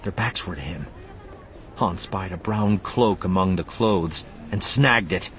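A man's voice: lowish voice, a little hiss or hum. A man narrating an audiobook expressively, voicing the character lines too.

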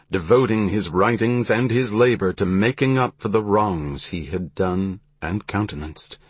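A man reading a historical story aloud in measured, even scripted narration. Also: low voice, slightly rough, no echo.

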